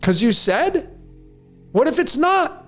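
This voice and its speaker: A man's voice: very high-pitched, very animated, slow pace, a bit bright, faint music behind. A man in his late forties hosting a podcast, delivering a raw, preachy rant straight to his listeners. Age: 40s. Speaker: podcast host. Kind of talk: monologue to listeners.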